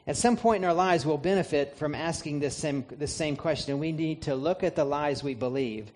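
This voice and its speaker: A man with a somewhat high-pitched voice delivers a sermon. He preaches emphatically, posing rhetorical questions to the congregation and answering them himself. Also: moderate pace, a little mellow. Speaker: pastor.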